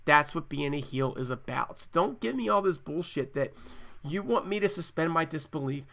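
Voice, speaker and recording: A man's voice: fairly high pitch, expressive, moderate pace, vocal fry, a bit bright. A man co-hosting a podcast, talking emphatically with repeated words and profanity. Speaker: podcast co-host. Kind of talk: casual podcast chat.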